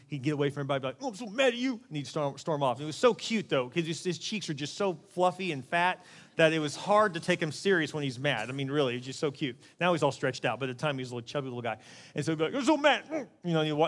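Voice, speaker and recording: A middle-aged man delivers a sermon in a lively, conversational way. His voice sits a little high, and he often slips into other people's voices to make a point. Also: long reverb tail. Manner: animated and conversational, acting out quoted voices. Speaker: pastor.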